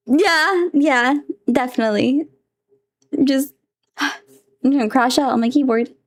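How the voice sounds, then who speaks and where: A woman's voice: high voice, takes it slowly, pauses often. A woman streamer chatting casually to her viewers, giggly and flustered, squealing often and talking to herself as she fixes her setup. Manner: talks to herself while fixing her setup. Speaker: VTuber streamer. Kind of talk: casual live-stream chat.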